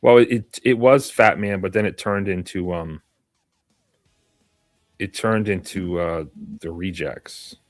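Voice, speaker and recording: A man with a very low voice talks casually about his acting work, hesitant and trailing off with fillers. The sound is dry and close, with faint music underneath. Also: slow pace, long pauses, dry recording. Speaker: actor. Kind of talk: casual panel chat.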